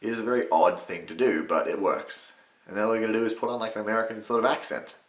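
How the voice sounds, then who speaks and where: A young man talks through a casual tutorial in a low, deep voice. He rambles, swears and restarts his sentences, and the room around him echoes. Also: fairly even intonation, quick pace. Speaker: channel host teaching impressions.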